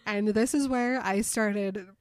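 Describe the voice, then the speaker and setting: A woman's voice: mid-range voice, slow pace, dry recording, clean studio sound. A woman co-hosting a casual chat, reading a novel aloud and laughing often. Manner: giggly, laughs often between lines. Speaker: podcast co-host.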